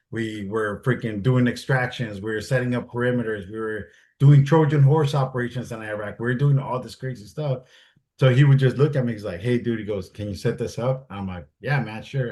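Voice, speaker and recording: A man in his forties, a Marine veteran guest, telling long stories in a loose, rambling way and acting out the other people in them. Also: lowish voice. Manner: loose and rambling, heavy use of "like" and "I'm like"; acts out the voices of others in his story. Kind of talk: casual interview storytelling.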